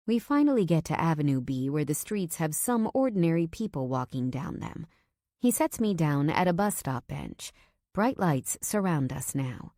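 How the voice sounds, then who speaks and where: Woman, audiobook narration, first person, low pitch, measured, tense, dry sound. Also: expressive, dark tone, no room sound.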